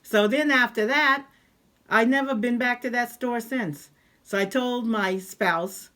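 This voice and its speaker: A woman vlogger telling a personal story in a casual, animated way, acting out the voices of the people she quotes. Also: fairly high pitch, unhurried.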